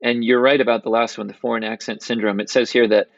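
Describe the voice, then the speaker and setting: A man's voice: medium pitch, flat delivery, fast talker, creaky, no echo, dull audio. A man co-hosting a podcast in casual chat, musing and telling stories with plenty of fillers. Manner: chatty, storytelling, hedging with fillers. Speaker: podcast co-host.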